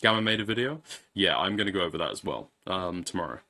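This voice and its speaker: A man's voice: sits low, lively intonation, fast talker, sharp tone. A man casually commenting on a live stream, swearing and rambling as he repeats himself.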